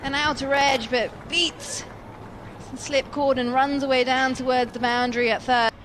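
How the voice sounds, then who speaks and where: A woman commentating ball by ball on cricket, describing each shot smoothly. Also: high voice, little pitch movement, normal speed, fairly bright tone. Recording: crowd and noise behind.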